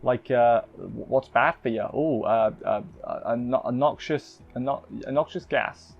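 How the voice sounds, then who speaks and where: A man's voice: mid-range voice, a little slow, gravelly. Guy rambling through an anime recap, lots of uhs, kinda dull audio with faint music under it. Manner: rambling, with many fillers and self-corrections. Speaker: anime reviewer. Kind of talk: casual recap review.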